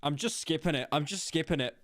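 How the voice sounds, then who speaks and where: A man's voice: on the high side, fast, fairly bright tone, dry recording, studio quality. A man with a British accent live-streaming a horror game, joking and rambling defensively at chat. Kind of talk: casual live-stream commentary.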